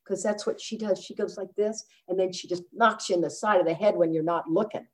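A woman's voice: on the low side, fairly quick. A woman, telling a personal story to a recovery group and acting out the voices of the people in it. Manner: animated, acts out quoted voices. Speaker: speaker sharing at a recovery meeting.

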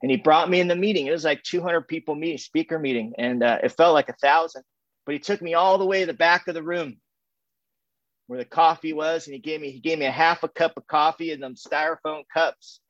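A man with a fairly high, somewhat bright voice speaks briskly while telling his recovery story to a meeting from home on a video call. It's a casual, meandering share full of fillers, false starts, and laughter, recorded dry with the highs cut off.

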